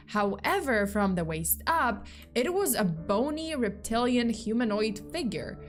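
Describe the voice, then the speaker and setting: A woman streamer telling a spooky story in a chatty, playful way with lots of fillers. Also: medium pitch.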